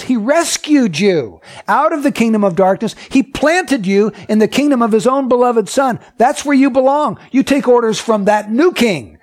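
High-voiced man preaching an emphatic sermon. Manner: asks the listeners many questions; emphatic and repetitive.

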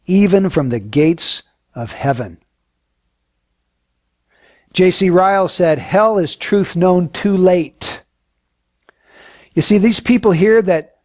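A man preaching a sermon in an earnest, emphatic way, often dropping to a hushed, solemn tone. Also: on the high side, no echo, studio quality.

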